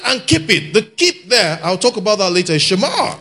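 Lively gravelly preacher man. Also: sits high, brisk, soft background music. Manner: animated, shouts key points and laughs with the congregation. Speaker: guest preacher. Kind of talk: sermon. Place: church hall with an audience.

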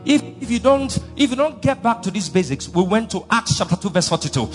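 A man's voice: high-pitched, sing-song, fairly quick. A man preaching a sermon, fervent and emphatic, repeating key phrases for emphasis. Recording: long reverb of a large hall, with faint music.

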